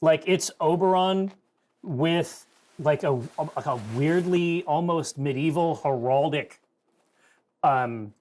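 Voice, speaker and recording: A man playing in a tabletop role-playing game, talking casually and excitedly, often restarting his sentences. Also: on the high side, slow pace. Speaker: player.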